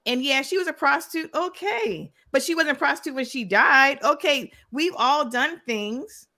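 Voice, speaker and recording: A woman's voice: high voice, moderate pace, bright, forceful tone. A woman on a remote call as a panel guest, firm and insisting on finishing her point in a heated debate. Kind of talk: heated live-stream debate.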